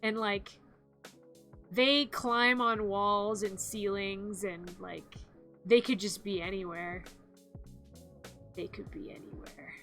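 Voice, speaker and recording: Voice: medium pitch, steady tone, takes it slowly, pauses often, pushed and bright, soft background music. A streamer chatting casually on a live stream, in a playful, giggly way, acting out zombie growls and screams.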